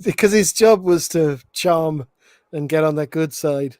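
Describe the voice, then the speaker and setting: A man's voice: on the high side, unhurried, a little mellow, dry recording. A man hosting a casual movie commentary, rambling with restarts and frequent laughs. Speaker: film commentary host.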